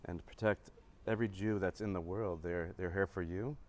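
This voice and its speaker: A visiting father giving an emotional personal testimony, halting and repeating himself. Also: sits low, fairly even intonation. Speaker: visiting parent.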